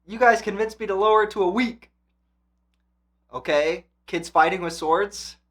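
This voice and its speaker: A man hosting an anime reaction channel, talking casually and excitedly, swearing and swinging between hyped shouts and quiet reflection. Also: high voice, normal speed, soft background music.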